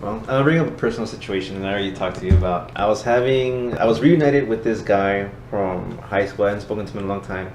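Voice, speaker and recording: A man's voice: on the low side, a little mellow. A man talking earnestly about forgiveness in a casual Christian discussion, acting out little conversations as he tells stories. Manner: fast, earnest, storytelling with acted-out dialogue. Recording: echoey room with faint hiss.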